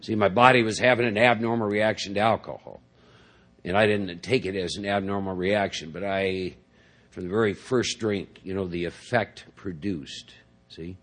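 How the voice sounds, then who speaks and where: A middle-aged man addresses a large recovery meeting, recounting his story loosely and filling it with "you know" and "see?" His low-pitched voice holds a steady tone at normal speed and sounds a bit bright.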